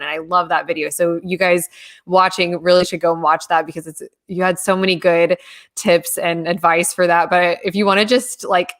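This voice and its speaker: A young adult woman hosting a live-stream chat, talking casually with lots of "like" fillers and warm agreement. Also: lowish voice. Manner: chatty, many "like" fillers, warmly agreeing. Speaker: host.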